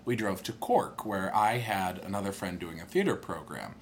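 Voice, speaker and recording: A young man telling a long personal story in casual chat, animated and jumping into higher voices when he quotes people. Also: normal speed, a little hiss or hum.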